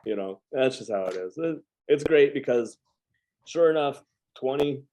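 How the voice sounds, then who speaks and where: A man's voice: medium pitch, animated, moderate pace, dark tone, rough recording. A man hosting a casual chat, telling stories in a rambling, easy manner. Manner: chatty, rambling, lots of fillers and restarts. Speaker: podcast host and veteran.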